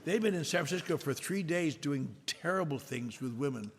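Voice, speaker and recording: An older man telling a self-mocking story to an audience at a recovery meeting, with a wry, drawn-out delivery. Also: fairly high pitch, animated. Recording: echoey hall with faint noise.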